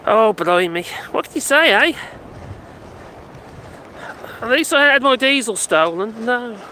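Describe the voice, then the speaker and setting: A man's voice: very high-pitched, expressive, takes it slowly, long pauses, sharp tone, low-quality recording. A man live-streaming outdoors in gusty wind, chatting casually and rambling with laughs and exclamations, into a mic with a furry windshield. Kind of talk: casual live-stream chat, reading comments. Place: outdoors on a windy hillside near buildings. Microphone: handheld mic with furry windshield.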